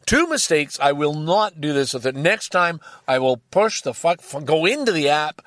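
An older man tells a long story in a casual, rambling way, exasperated and quick to swear. His voice sits a little high for a man and swings widely in pitch. The sound is dry and close, with no room around it. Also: very animated, a bit bright, no room sound. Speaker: vlogger.

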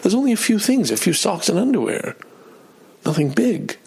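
A man's voice: sits high, sing-song, normal speed, vocal fry, darkish tone, husky. A middle-aged man telling a personal story in a casual, self-deprecating way, acting out his own outbursts.

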